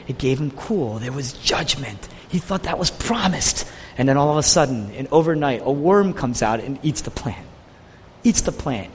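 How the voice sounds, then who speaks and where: A man preaching a sermon with an impassioned delivery that swings from quiet to raised, with a husky voice. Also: a little high, big-room sound, a little hiss or hum.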